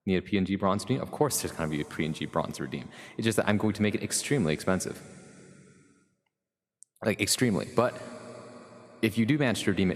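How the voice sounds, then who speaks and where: A man hosting his own live stream, chatting casually and rambling through asides as he greets viewers and mods. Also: deep voice. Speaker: livestream host. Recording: long reverb with music underneath.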